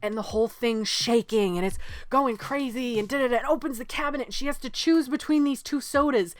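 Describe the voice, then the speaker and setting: A woman from New England in her thirties, co-hosting a casual movie podcast and telling stories with lively acted-out quotes and casual swearing. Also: on the high side, a little fast. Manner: animated storyteller, swears freely, acts out quotes. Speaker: podcast co-host. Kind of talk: casual chat about movies.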